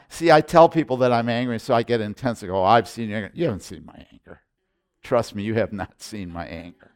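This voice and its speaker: A middle-aged man preaching with intensity, hammering his points through repetition and quick restarts. His voice sits in a middle pitch, and he delivers the sermon in an emphatic, direct way. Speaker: pastor.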